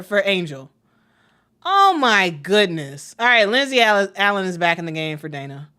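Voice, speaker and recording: Bright-voiced excitable woman calling basketball. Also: medium pitch, fairly quick. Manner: excitable, chatty, talks to viewers as "y'all". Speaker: play-by-play commentator. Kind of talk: casual live play-by-play stream.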